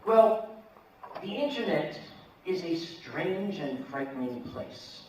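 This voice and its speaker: Wry high-voiced male storyteller, far off. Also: expressive, takes it slowly, darkish tone, a little hiss or hum. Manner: wry, dry comic delivery with acted voices. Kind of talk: live comic storytelling to an audience. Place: large convention hall, indoors. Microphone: camera at a distance from the stage. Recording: echoey hall from far off.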